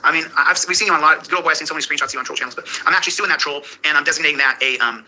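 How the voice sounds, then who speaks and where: A man's voice: a little high, very fast, pushed and bright, rough recording. A man streaming live, rambling casually and addressing viewers by name. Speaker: livestreamer. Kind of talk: casual chat.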